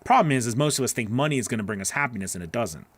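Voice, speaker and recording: A man's voice: mid-range voice, lively intonation, very fast, slightly rough, dry recording. A man hosting a live voice-over class, answering chat questions in an earnest, encouraging way that rambles with restarts.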